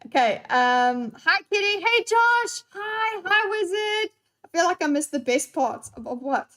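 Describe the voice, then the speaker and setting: A woman's voice: extremely high pitch, animated, a little slow, a bit bright. A young woman live-streaming and chatting with her audience in a scattered, playful way and swearing freely. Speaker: live streamer reading chat. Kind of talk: unscripted live-stream chat.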